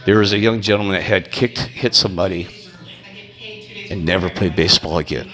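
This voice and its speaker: Brief: man, youth coach, lower voice with a bright edge, animated storyteller who acts out the people he quotes. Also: a little fast, low-quality recording. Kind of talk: casual storytelling monologue.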